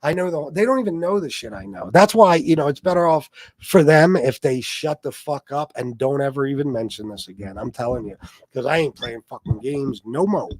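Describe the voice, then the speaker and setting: A man holds forth on a casual livestream, swearing freely and telling stories in a blunt, streetwise way. His voice sits at an ordinary middle pitch. The sound is dry and close, with no room echo. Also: expressive, brisk, a little mellow. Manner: blunt, profane, storytelling. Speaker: livestream host reading chat.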